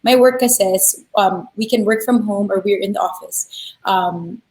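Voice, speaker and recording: A woman, a bride-to-be, chatting casually on a video call, starting hesitantly with halting restarts. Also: medium pitch, darkish tone, rough recording. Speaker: guest, bride-to-be. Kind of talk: casual chat.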